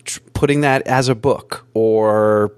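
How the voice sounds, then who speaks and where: Male podcast host, casual and wandering questions, lower voice, close dry sound. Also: steady tone, slow pace, clean tone, dry recording. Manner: rambling, stacks several questions at once. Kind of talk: casual interview chat.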